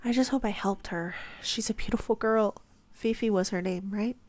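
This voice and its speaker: A gentle, shy young woman healer with a soft, reassuring way of speaking, read by a woman narrator. She sits at a middle pitch and keeps her words calm and kind, as in a storybook reading. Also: moderate pace, dry recording, natural voice.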